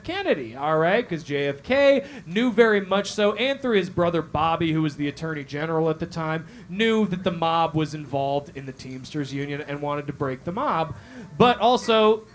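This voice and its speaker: Brief: high-pitched, lively male host telling crime stories for laughs, loud, profane, keeps checking "all right?". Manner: loud, animated, swearing, asking "all right?" again and again. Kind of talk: comedic true-crime storytelling to a live crowd. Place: café stage before a live audience.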